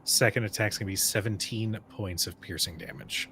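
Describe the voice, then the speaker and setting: A man narrating as game master of a tabletop game, in a relaxed, measured way with fillers. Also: on the low side, faint music behind.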